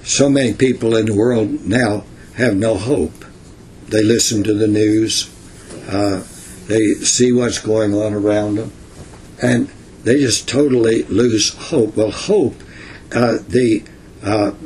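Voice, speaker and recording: An older man giving informal Bible teaching in a folksy, unhurried way, reading verses and adding asides. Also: fairly low pitch, a little mellow, a little hiss or hum.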